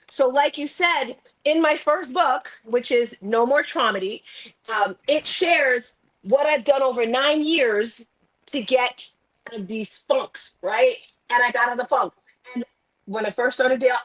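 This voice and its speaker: A woman life coach and author telling a personal story in an interview, animated and acting out her own self-talk. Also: a little high, unhurried.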